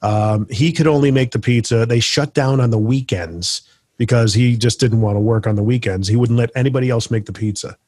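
A man in casual chat who tells animated stories and mimics people loudly. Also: medium pitch, fairly quick, dry recording, clean studio sound.

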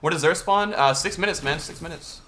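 A man's voice: fairly high pitch, brisk, bright, forceful tone. A young man streaming a video game, chatting casually and greeting viewers and answering chat as he plays.

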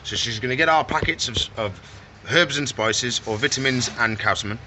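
A man's voice: medium pitch, moderate pace, sharp tone, a little hiss or hum. A man running a reptile shop vlog, chatting casually and baby-talking to the animals. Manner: playful, baby-talks to animals. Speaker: reptile shop owner and vlogger. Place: pet shop.

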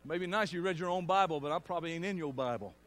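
A middle-aged man, preaching a sermon with storytelling and loud bursts. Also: fairly high pitch, fast.

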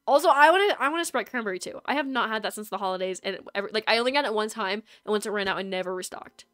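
A woman's voice: medium pitch, racing, fairly bright tone, no echo, studio quality. A woman streamer chatting casually with her viewers while playing a game, rambling and talkative. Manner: rambling, chatty, talks to chat. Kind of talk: casual live-stream chat while gaming.

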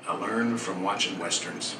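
A man's voice: lowish voice, moderate pace, pitched below the performer's own voice, close to an everyday voice. A storyteller voicing a Swedish country man who talks in a laid-back Southern American drawl picked up from cowboy movies. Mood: easygoing. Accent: American Southern, put on. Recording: roomy, distant, noisy live cafe.

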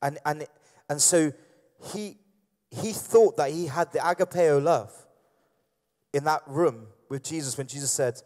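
A man's voice: fairly high pitch, unhurried, long pauses, darkish tone, in a large hall. A man preaching a sermon with passion, repeating phrases and acting out the voices of those in the story. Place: church.

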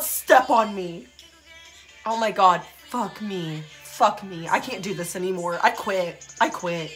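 A woman's voice: mid-range voice, slow pace. A young woman reacting to a music video on her channel, gushing, gasping and swearing constantly. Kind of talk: excited reaction vlog. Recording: music playing faintly behind.

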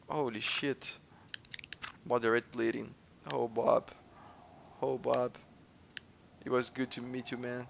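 A man from Brazil with a Brazilian accent, a gamer joking his way through gameplay commentary with playful teasing and sudden excited yelps. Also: mid-range voice, slow pace, vocal fry, pauses often, a little hiss or hum. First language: Portuguese. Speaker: gamer hosting a let's play channel.

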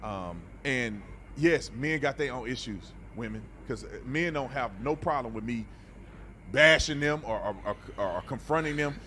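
A man's voice: medium pitch, animated, moderate pace, sharp tone, a little hiss or hum. A man hosting a reaction video, talking bluntly and animatedly in a preachy, casual way and often repeating words.

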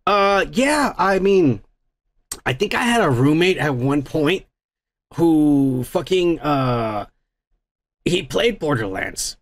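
A man's voice: fairly high pitch, big pitch swings, slow. A man hosting a podcast, reading viewer comments aloud in casual, rambling, profane chat. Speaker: podcast host.

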